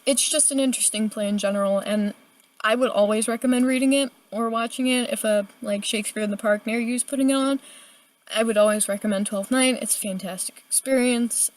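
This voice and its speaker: A young adult woman giving a casual, chatty video review, animated and full of filler words. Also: a little high, a little fast. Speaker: book reviewer.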